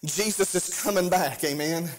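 A man's voice: high voice, normal speed, a little hiss or hum. A pastor preaching a sermon with an impassioned, sing-song cadence and frequent call-outs to his congregation.

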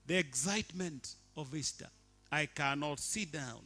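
A man, preaching a sermon as a bishop in a church, animated and shifting between quiet and loud. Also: a little high, a little slow. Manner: animated, swings from quiet to shouting.

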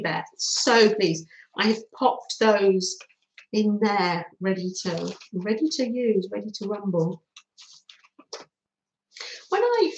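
A middle-aged woman hosts a relaxed live craft stream, chatting cheerfully to her viewers and laughing often. Her voice sits a little high and swings widely in pitch, and she talks slowly. The room around her sounds echoey. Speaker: craft livestream host.

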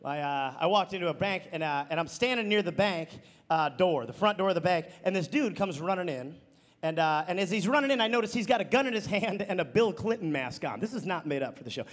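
A male stand-up comedian telling a story on stage, rambling and restarting sentences, with deadpan asides. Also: sits high, brisk, in a large hall. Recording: live audience, clear background noise.

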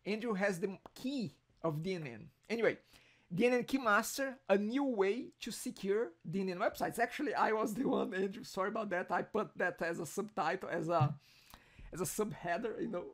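Heard over a video call, this non-native English speaker runs a user group meeting in a casual, joking way, restarting often. He has a high voice and keeps a moderate pace.

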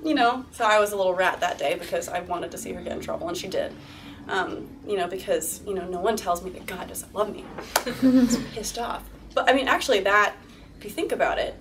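A young woman in her twenties speaking candidly as a guest at a university talk, laughing often and acting out quoted lines. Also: mid-range voice. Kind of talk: interview-style talk to a live audience. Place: university lecture room. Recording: distant mic with faint room noise.

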